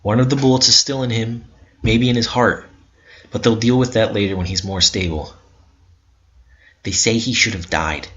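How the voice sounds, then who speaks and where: A man's voice: lowish voice, steady tone, normal speed, long pauses, fairly bright tone. A man giving an intense, bitter first-person narration of a story. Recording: dull lo-fi recording.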